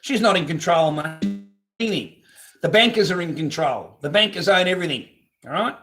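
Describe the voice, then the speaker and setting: A man's voice: high-pitched, expressive, moderate pace. A man hosting a live stream from his garage on a phone camera, talking casually in a blunt, profane, ranting way. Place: home garage.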